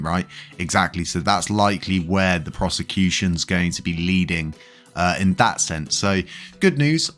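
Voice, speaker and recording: A man with a very deep, low voice speaks in an easygoing, unscripted way, full of ums and restarts. He sounds like a vlogger chatting straight to his audience, while soft music plays quietly behind him. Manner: chatty, many fillers and restarts, chuckles now and then. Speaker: crypto news vlogger. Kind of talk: casual commentary to camera.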